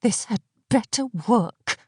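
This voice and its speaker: A woman voicing a proud, scornful young former queen who talks in a shrill, snappish way, in an audiobook. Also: animated, slow pace, a little hiss or hum. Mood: sneering. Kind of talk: audiobook character voice.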